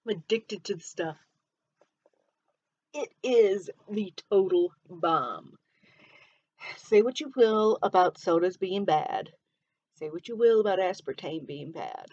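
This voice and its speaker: A woman's voice: medium pitch, slow, long pauses, a little mellow, slightly rough, dull audio. A woman from Michigan with a mixed Southern and Midwestern accent, hosting a casual solo podcast and chatting freely, often drifting onto tangents. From Michigan, USA. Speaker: podcast host.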